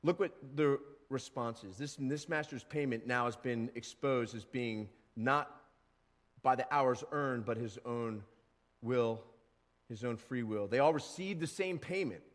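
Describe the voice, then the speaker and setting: A male pastor giving a casual, animated sermon and now and then acting out grumbling workers. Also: medium pitch, unhurried, in a large hall. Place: church sanctuary.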